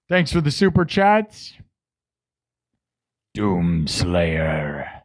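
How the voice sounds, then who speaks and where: In a slightly high voice, a livestream host and musician chats casually with his viewers during a music stream, bragging and getting defensive as he talks to the chat. The tone is clean, without echo.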